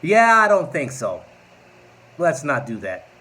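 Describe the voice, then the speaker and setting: A man's voice: on the high side, huge pitch swings, a little slow, sharp tone. A man in his forties ranting to camera in a political vlog, combative and mocking, with sarcastic asides. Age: 40s. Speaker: political vlogger.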